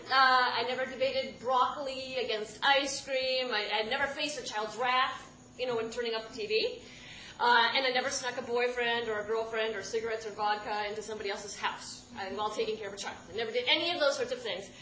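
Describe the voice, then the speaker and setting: Lively high-voiced woman telling a story. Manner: animated, self-interrupting, laughing through lines. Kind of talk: live personal storytelling. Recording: echoey room with background noise.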